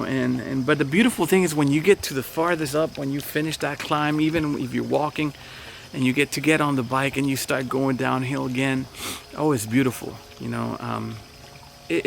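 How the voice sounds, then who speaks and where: A man speaking as a pastor in a relaxed, chatty devotional talk with many fillers. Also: medium pitch, vocal fry, a little hiss or hum.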